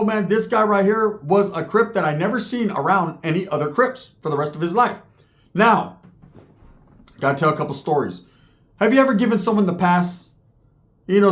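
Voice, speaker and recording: A man's voice: on the high side, expressive, fairly quick. A man in his forties from California, telling street stories in a casual, profane way with heavy slang. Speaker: storyteller host.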